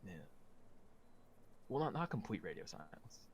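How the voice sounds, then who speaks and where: Rambling young-sounding man, lowish voice. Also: very animated, normal speed, a little hiss or hum, low-quality recording. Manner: rambling, many fillers and restarts. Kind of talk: casual chat.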